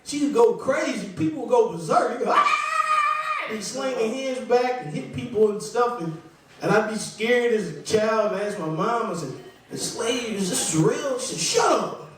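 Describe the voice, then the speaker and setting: High-voiced man doing stand-up in an echoey room. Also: lively intonation, moderate pace, far from the mic, background noise. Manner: rambling, conversational, self-deprecating. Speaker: stand-up comedian. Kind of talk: stand-up comedy set. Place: small club stage.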